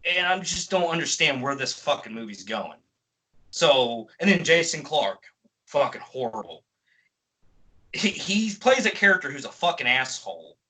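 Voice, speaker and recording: A man's voice: a little high, pushed and bright, low-quality recording. A man giving a profane, exasperated ranting movie review as a film reviewer.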